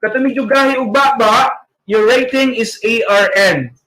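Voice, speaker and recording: A man's voice: extremely high pitch, moderate pace, pushed and bright, poor audio. A man with a Filipino accent leading a literacy training session, modeling sounds with exaggerated articulation and a playful, joking manner. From Philippines. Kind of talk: online training lecture.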